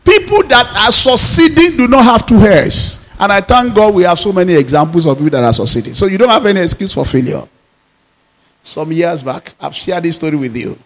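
High, animated preacher man. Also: brisk, low-quality recording. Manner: emphatic, repeating rhetorical questions. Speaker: pastor. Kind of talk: sermon.

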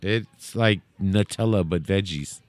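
A man's voice: low-pitched, measured pace, dry recording. A man co-hosting a comedy podcast, mocking and swearing sarcastically. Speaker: podcast co-host. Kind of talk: crude comedic reaction chat.

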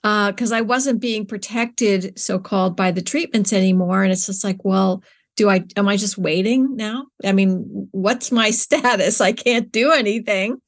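Speaking unhurriedly with a mid-range voice and fairly even intonation, this middle-aged woman is being interviewed in a conversational setting as a nonprofit co-founder. She sounds earnest and searching, frequently using fillers as she starts her sentences over.

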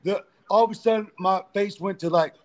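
Man, pro wrestler, high-pitched, crude storyteller, profane, casual interview. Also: fairly quick, a little mellow.

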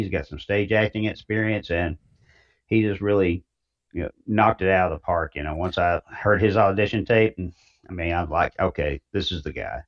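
Deep-voiced Southern man, folksy and rambling. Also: muffled recording. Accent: Southern US, East Tennessee. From East Tennessee. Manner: folksy, rambling, many fillers. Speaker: author guest. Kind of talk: casual interview chat.

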